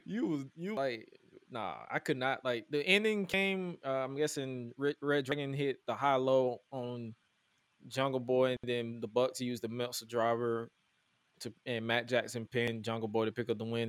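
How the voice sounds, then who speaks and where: A man hosting a podcast, recapping wrestling in casual chat, animated and incredulous as he quotes promos aloud. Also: mid-range voice, moderate pace, clean tone, no echo. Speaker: podcast host.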